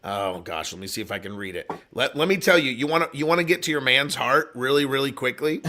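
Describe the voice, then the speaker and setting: A middle-aged man with a doctorate telling stories in a casual faith talk show chat, animated and prone to excited bursts. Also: mid-range voice, fast talker, slight background noise. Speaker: church leader with a doctorate.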